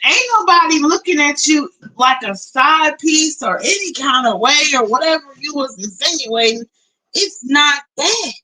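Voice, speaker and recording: A young woman live streamer in casual chat, animated and talkative, switching between low mutters and loud outbursts. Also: a little slow, poor audio. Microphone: phone.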